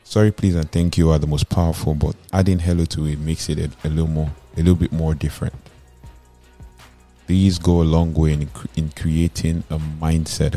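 A man speaks in an extremely deep, dark voice, laying out self-help advice in numbered points. His delivery stays level and earnest, and he sometimes restarts a word mid-sentence. Faint music plays underneath. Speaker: motivational speaker.

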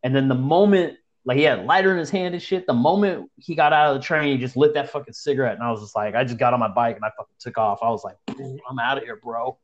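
A man's voice: medium pitch, quick pace, few pauses, highs cut off. A young man casually telling a story to friends, profane and slangy, acting out the people he describes. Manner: profane, slangy, animated retelling.

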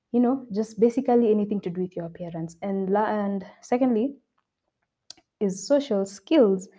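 A woman's voice: medium pitch, dark tone. Earnest young woman giving self-help advice. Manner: earnest, repeats points for emphasis. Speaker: podcast host. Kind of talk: motivational self-help talk.

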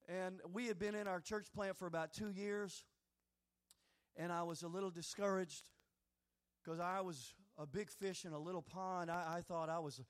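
A middle-aged man, a pastor, telling a personal story in a sermon with animated, conversational preaching. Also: high-pitched.

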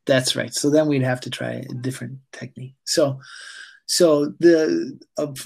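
In an interview, a man who teaches yoga leads a breathing exercise in a calm, halting way full of fillers. His voice sits in the mid-range, gravelly with a breathy edge.

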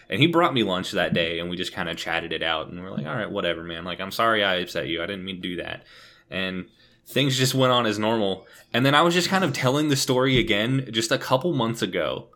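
A man's voice: on the low side, fast talker, fairly bright tone. A young man casually telling a story on a podcast, swearing freely and laughing often. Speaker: podcast co-host.

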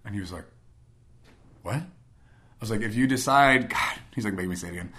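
A young man telling a personal story in a casual way, animated, acting out both sides of old conversations with many fillers. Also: fairly low pitch, normal speed, pauses often.

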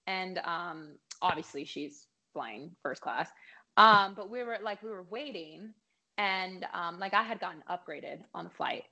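A woman's voice: fairly low pitch, sharp tone. A woman, a singer guest on a podcast, telling a long story in casual chat with many fillers. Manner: chatty, lots of fillers and likes.

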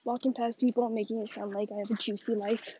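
High young female voice, gossipy filler-heavy chatter, phone-recorded outdoors, slightly dull sound. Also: level tone, fast, mellow, a little hiss or hum. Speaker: vlogger. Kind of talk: casual fake phone chat while walking. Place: outdoors on a neighborhood walk with a dog. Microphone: phone held while walking.

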